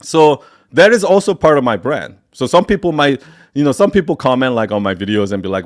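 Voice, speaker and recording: A man's voice: medium pitch, big pitch swings, brisk, no room sound, clean studio sound. Blunt, profane man lecturing heatedly. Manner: rambling with many restarts and fillers. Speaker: host of a live Q&A. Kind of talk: live stream Q&A talk.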